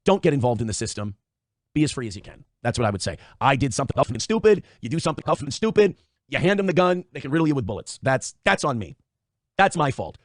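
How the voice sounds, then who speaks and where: A man's voice: mid-range voice, very animated, fast talker, no echo, clean studio sound. A man in a casual livestream monologue, blunt and profane, often circling back to the same points. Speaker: streamer.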